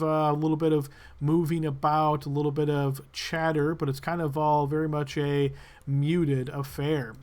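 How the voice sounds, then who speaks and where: Man narrating as game master, slightly high voice. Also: flat delivery, normal speed, darkish tone. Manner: loose, filler-heavy description.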